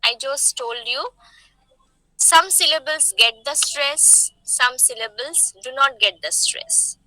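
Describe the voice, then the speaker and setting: A woman's voice: sits high, sharp tone, dry recording, poor audio. A woman teaching a lesson on poetry, explaining step by step and often checking in with "okay?". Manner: slow, emphatic, checks in with "okay?". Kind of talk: classroom lecture on poetry.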